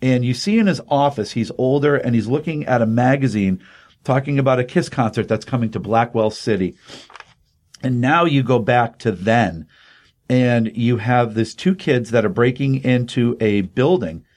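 A middle-aged man in his fifties hosting a casual chat, walking through a comic's plot with plenty of fillers. His voice is mid-pitched and ordinary, carried by animated storytelling. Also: normal speed. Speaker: podcast host. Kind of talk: casual comic-book recap.

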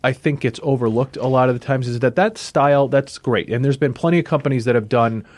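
A man's voice: medium pitch, fast, a little mellow, dry recording. Male co-host, thoughtful comic talk, dry close recording. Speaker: comic book podcast co-host. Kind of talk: casual chat.

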